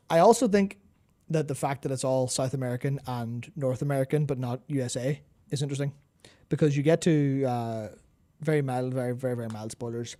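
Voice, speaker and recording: A man's voice: medium pitch, a little fast, mellow. A man co-hosting a casual gaming chat, rambling, repeating words while he hunts for terms, and swearing casually. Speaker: podcast co-host.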